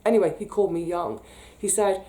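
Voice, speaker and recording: British woman, casual vlog storyteller, mellow and lowish, animated. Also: a little fast. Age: 30s. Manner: chatty, animated, emotional when retelling.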